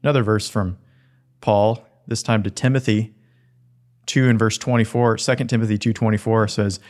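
A man preaching a sermon in an earnest, gentle way, with soft asides. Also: lowish voice, steady tone, moderate pace.

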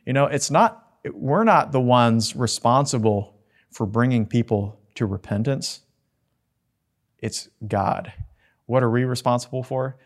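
A man preaching a sermon in an earnest, gentle way, with soft asides. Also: medium pitch.

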